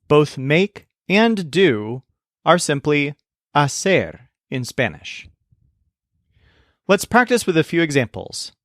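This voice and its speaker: Man, language teacher, scripted lesson narration, slightly high voice, dry close sound. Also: big pitch swings, fairly bright tone, no room sound. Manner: clear, measured explanations with slow modeled examples.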